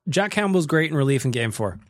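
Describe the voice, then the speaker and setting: Man, podcast host, joking casual chat, slightly high voice, dry close mic. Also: quick pace, no room sound. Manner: joking, animated, laughs often.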